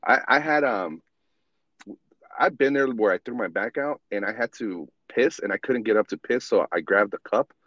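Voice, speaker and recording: A man's voice: fairly low pitch, moderate pace, no room sound. Blunt, swearing man on a dull line. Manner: blunt, profane, laid-back. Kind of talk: casual podcast chat. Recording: dull dry lo-fi sound.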